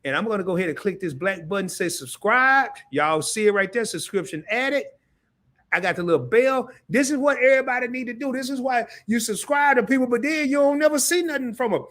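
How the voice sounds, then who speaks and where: A man hosting a casual live stream, talking straight to his chat. He gets excited, repeats himself and restarts often. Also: very high voice, fast.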